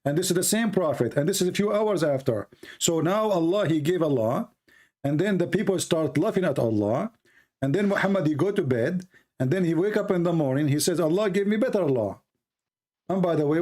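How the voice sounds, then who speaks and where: A man's voice: fairly high pitch, expressive, a little fast, a little mellow. A man who is losing his voice, hosting a call-in debate, pressing the caller and repeating his questions. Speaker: debate host.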